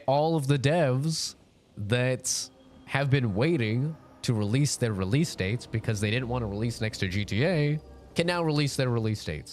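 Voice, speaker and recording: A man's voice: medium pitch, a little hiss or hum. A sick young man with a nasal voice, chatting casually with his live-stream audience in a rambling, laid-back way.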